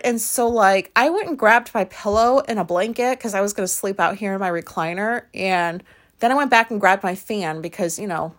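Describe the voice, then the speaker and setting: A woman's voice: mid-range voice, a bit bright. Candid, chatty woman telling a story. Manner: candid, chatty, swears freely, laughs often. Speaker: podcaster. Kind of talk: casual personal storytelling.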